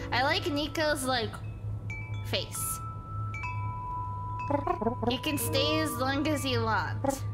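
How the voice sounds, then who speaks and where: A woman voicing a shy, lonely young man from a game, speaking softly and hesitantly. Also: high-pitched.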